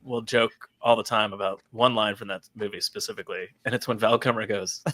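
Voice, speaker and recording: Bright sarcastic podcast co-host man. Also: fairly low pitch, fairly even intonation, a little fast. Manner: laughing, joking sarcastic asides. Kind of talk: casual comic book chat.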